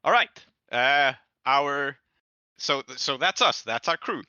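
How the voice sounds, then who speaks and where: A man's voice: mid-range voice, slow pace, pushed and bright, smooth, no room sound, lo-fi sound. A man hosting and running a tabletop game in casual chat, chuckling often and using lots of fillers. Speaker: game master and host.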